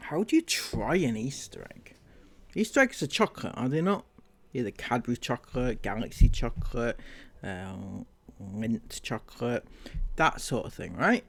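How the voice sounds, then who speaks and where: A man's voice: medium pitch, big pitch swings, moderate pace. A man hosting a commentary channel, reacting in a sarcastic, incredulous way.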